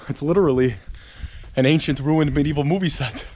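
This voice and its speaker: A man vlogging outdoors on a hike, telling a history tale in an animated, excitable way with casual swearing. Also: on the high side, fairly quick, slight background noise. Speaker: travel vlogger and history storyteller. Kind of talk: casual storytelling vlog while hiking.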